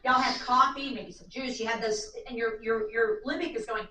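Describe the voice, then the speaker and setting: A woman lecturing a live audience on aging in an animated way, acting out little voices, in a seminar room. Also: on the high side, normal speed. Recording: echoey room, distant mic, faint noise.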